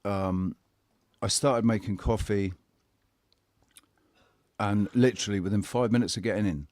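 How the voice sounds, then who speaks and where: In casual chat, a man tells a personal story bluntly and candidly, swearing and halting often to restart his sentences. His voice is on the low side, a little mellow, with fairly even intonation, on a dry recording.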